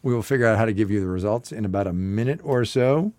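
A man co-hosting a casual political talk show, animated, often jumping in and repeating himself. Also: on the low side, fast talker, smooth, no room sound. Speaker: co-host.

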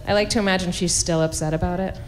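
A woman performing a stand-up set in a wry, conversational way with quick asides. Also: lowish voice, steady tone, big-room sound, loud music behind the voice. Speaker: stand-up comedian.

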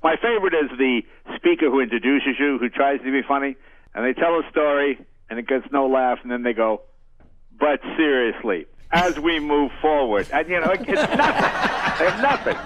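A man's voice: medium pitch, fairly quick, rough recording. An older man, a guest comedian, telling anecdotes in casual chat and acting out the people in them. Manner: animated, acts out voices in anecdotes. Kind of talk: casual storytelling.

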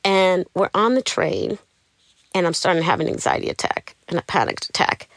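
A middle-aged woman telling her personal story in an interview, animated and acting out the people she quotes. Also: on the low side, normal speed, vocal fry, dry recording, clean studio sound. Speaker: interview guest.

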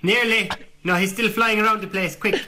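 A young Irish man filming at home, yelling high and excitedly at his father to catch a bat. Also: normal speed. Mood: frantic. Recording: noisy home video clip.

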